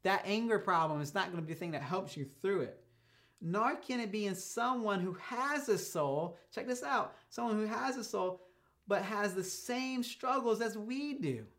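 A man's voice: sits high, fairly bright tone. A man preaching a sermon as a pastor, telling stories in a casual, conversational way and shifting his pace for emphasis. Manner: casual storytelling preacher, speeds up and slows down for emphasis.

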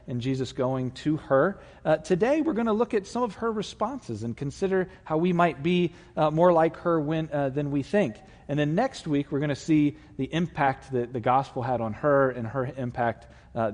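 Conversational pastor preaching in a reverberant hall. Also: male voice, mid-range voice, darkish tone. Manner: conversational, folksy, with many fillers. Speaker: lead pastor. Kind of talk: sermon. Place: church sanctuary. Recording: long reverb of a large hall.

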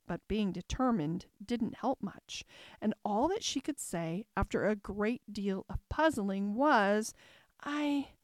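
A woman narrating a classic storybook in a calm, even storytelling manner. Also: mid-range voice, takes it slowly, no room sound, clean studio sound. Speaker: audiobook narrator.

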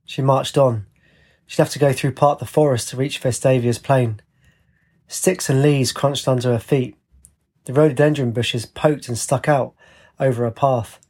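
Husky male audiobook narrator. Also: medium pitch, steady tone, a little mellow. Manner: measured, descriptive reading.

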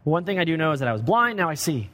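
Male pastor, sermon delivery, emphatic with hushed drops, slightly high voice, long church reverb. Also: very animated, racing. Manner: swings from loud emphatic preaching to low quiet asides. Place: church sanctuary.

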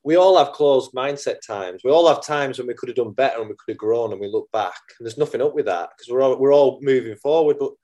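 A middle-aged man with a British accent, speaking at an even middle pitch. He guests on a podcast as a mindset coach and talks in a positive, earnest, motivational way. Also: fast talker, few pauses. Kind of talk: casual interview chat.

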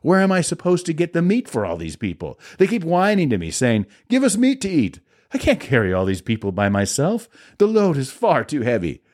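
A man reading as an anguished old prophet, pleading and strained, his voice pushed noticeably higher than the narration. His words rise and fall widely as he begs for relief. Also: huge pitch swings, a little fast, few pauses, darkish tone. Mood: pleading, exasperated.

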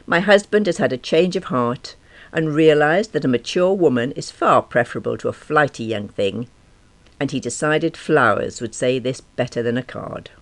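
A woman of about fifty reads a first-person diary-style story in a wry, self-deprecating and expressive way. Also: a bass voice, normal speed. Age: around 50. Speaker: narrator.

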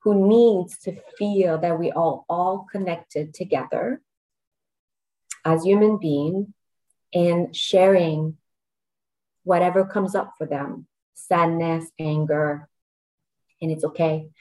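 A woman's voice: on the low side, steady tone, takes it slowly, pauses often, warm tone, low-quality recording. A middle-aged woman, a podcast guest, telling a personal story earnestly and getting choked up, with laughs between phrases.

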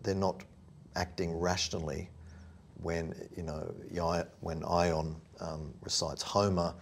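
A man's voice: low voice, level tone, takes it slowly, gravelly, slight background noise. A man in a thoughtful academic discussion, searching for his words and correcting himself as he raises questions. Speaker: podcast discussant.

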